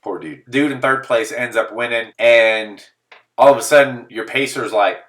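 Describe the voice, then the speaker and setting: A man's voice: medium pitch, normal speed, far from the mic. A man telling a comedic story in a monologue, full of exaggerated disbelief and acted-out quotes. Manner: animated, exaggerated disbelief, acts out quoted voices.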